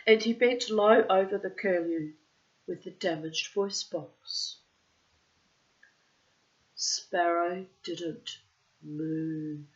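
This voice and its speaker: A woman's voice: on the low side, extremely slow, long pauses. A woman telling a story aloud, with chatty, self-mocking personal asides. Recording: dull lo-fi recording.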